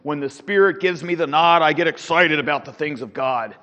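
A middle-aged man teaching a Sunday school class, animated, with rhetorical questions and frequent restarts. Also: on the high side, brisk. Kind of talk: Bible teaching. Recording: dull lo-fi sound with long hall reverb.

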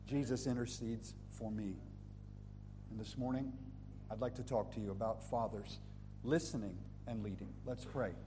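A male pastor preaching a sermon, who moves between loud emphatic scripture reading and soft intimate prayer. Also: lowish voice, fairly even intonation, normal speed, long pauses, big-room sound, background noise. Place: church sanctuary.

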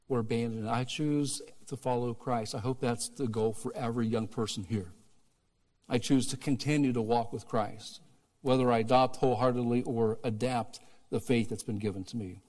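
A male pastor delivers a sermon with earnest conviction. His voice is mid-pitched, rising to emphatic peaks and sinking to near-hushed appeals. The sound carries a long, echoing church reverb. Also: steady tone, moderate pace. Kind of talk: sermon with altar call. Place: church sanctuary.

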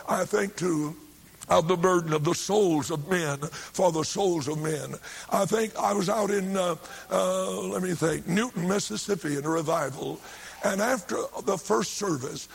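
An older man preaching a revival sermon, telling a story fervently and rising to shouts when he quotes others. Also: high voice, vocal fry, husky.

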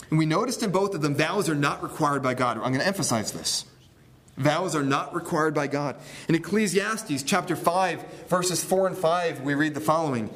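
A man's voice: fairly high pitch, fairly bright tone. A male pastor preaching a sermon, teaching scripture with rhetorical questions and repeated key phrases.

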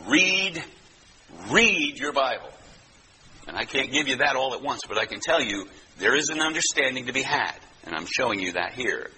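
A man's voice: mid-range voice, bright, forceful tone, slight background noise, rough recording. A man preaching a sermon as pastor, teaching in a conversational way with frequent asides to his listeners.

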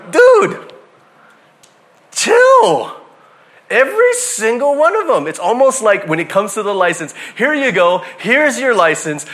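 A man's voice: high voice, bright, forceful tone. A man preaching a sermon, telling stories and acting out the people in them with frequent laughter. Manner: storytelling, acts out quoted voices, laughs often. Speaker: pastor.

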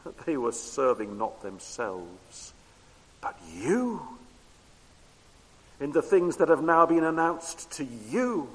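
A man preaching a sermon with emphatic repetition, moving between loud declarations and hushed low tones. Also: big pitch swings, slow, pauses often. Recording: long hall reverb.

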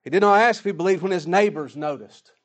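A man preaching a sermon emphatically, swinging between loud declarations and hushed asides. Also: high voice, quick pace.

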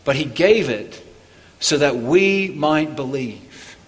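A man preaching a Christmas sermon as pastor, earnest, climbing for emphasis and falling low and quiet on key points. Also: animated, takes it slowly, long reverb tail. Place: church.

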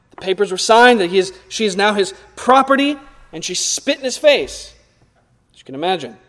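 A young male preacher with a notably high voice delivers an earnest sermon. He swells to loud, forceful peaks and then drops to quiet, low lines. The sound carries a long reverb, like a large hall.

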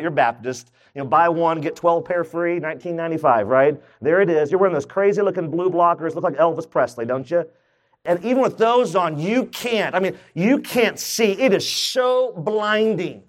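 Guy pastor preaching, fun and chatty, keeps quizzing the church. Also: sits high. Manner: lively, jokey preaching with questions to the congregation. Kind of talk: sermon.

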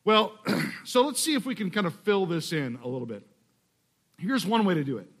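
A middle-aged man from Texas preaching a sermon in a conversational way, slowing down to read scripture aloud. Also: high-pitched, very animated, fairly bright tone. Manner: conversational, restarts phrases, slows to read scripture. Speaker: pastor.

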